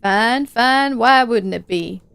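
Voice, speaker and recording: A woman voicing a gruff, hostile older man who swears often in a folksy drawl. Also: on the high side, slow pace, a bit bright, dry recording, full character voice. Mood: evasive. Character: gruff older male homeowner, secretive and hostile.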